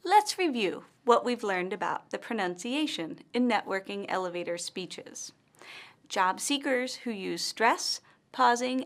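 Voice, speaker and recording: A woman English pronunciation teacher giving a slow, careful, scripted lesson narration. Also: medium pitch, a bit bright.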